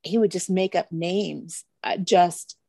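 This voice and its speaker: A woman's voice: fairly low pitch, takes it slowly, gravelly, warm tone, husky, dry recording, clean studio sound. A middle-aged woman telling fond family stories in an interview, often laughing as she talks. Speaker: interview guest. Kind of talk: conversational storytelling.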